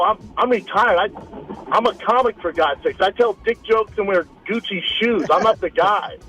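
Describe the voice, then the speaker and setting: A man in his thirties, a guest telling a story in a casual interview, animated, repeating words and acting out what others said. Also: sits high, highs cut off. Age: 30s. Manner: animated, repeats words, acts out quoted lines. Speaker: guest, retired fighter turned comic.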